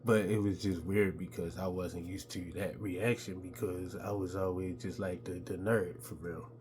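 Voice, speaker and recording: A middle-aged man telling stories from his childhood in a laid-back, casual way, with a high voice when he quotes other people. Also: little pitch movement, moderate pace, background noise. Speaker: podcast host telling stories. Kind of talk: casual storytelling.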